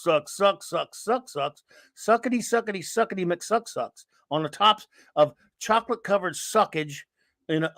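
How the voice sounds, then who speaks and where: A man's voice: sits high, fairly bright tone, dry recording, studio quality. A man voicing an earnest, jittery male bridge officer who reports urgently and spirals into silly repetition.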